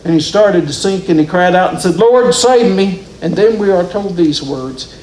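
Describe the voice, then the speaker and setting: A man's voice: sits high, moderate pace, darkish tone, a little hiss or hum. A man preaching a sermon in a church, telling the story with rising and falling emphasis. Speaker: pastor. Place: church sanctuary. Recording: roomy church echo.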